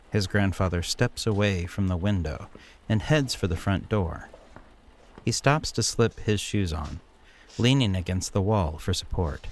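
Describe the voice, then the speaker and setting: A man narrating an immersive story in a slow, dramatic storytelling manner. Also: deep voice, expressive. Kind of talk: scripted narration.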